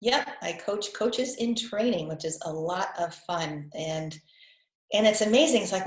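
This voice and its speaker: Woman w a faded boston accent, lowish voice, chatty n repetitive, echoey room. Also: lively intonation, unhurried. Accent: Boston, mostly faded. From New England. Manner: chatty, repeats words, frequent ums and laughs. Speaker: guest health coach. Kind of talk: casual video call chat.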